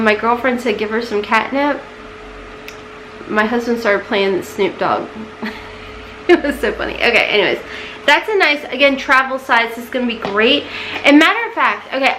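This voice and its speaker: Distractible woman in her thirties, casual beauty-vlog chatter, a touch high-pitched. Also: moderate pace, fairly bright tone, slight background noise, poor audio. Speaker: beauty vlogger. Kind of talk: casual unboxing chat.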